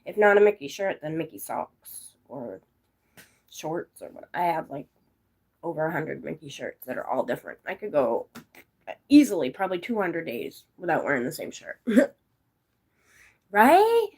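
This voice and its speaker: A silly, giggly woman rambles to her viewers in a loose, casual chat, laughing often. Her voice is gravelly and a little husky, sitting fairly low but swinging widely in pitch. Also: big pitch swings, moderate pace, darkish tone. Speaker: vlogger chatting with viewers.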